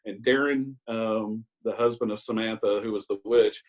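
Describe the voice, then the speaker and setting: A man's voice: on the low side, steady tone, moderate pace, rough recording. A man in his sixties giving a personal recovery share on a video call, telling his story candidly with self-mocking asides and hesitant ums. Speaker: Al-Anon speaker.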